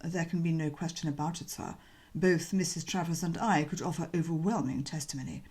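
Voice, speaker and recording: A woman voicing a deferential male valet, calm and formal, with a measured, soft delivery in an audiobook reading. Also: deep voice, husky, voice pushed down. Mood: unflappable.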